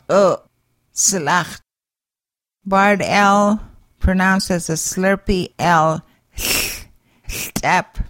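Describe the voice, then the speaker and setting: A woman teaching a language's sounds, slowly saying each letter, its sound and an example word. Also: fairly low pitch, no room sound. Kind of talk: slow pronunciation lesson.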